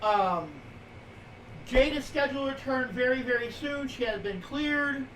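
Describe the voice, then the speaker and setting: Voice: sits high, a little slow, a bit bright. A streamer in their forties co-hosting a live show, casually rambling through wrestling news items with lots of fillers. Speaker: streamer co-host. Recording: roomy, distant from mic, faint noise.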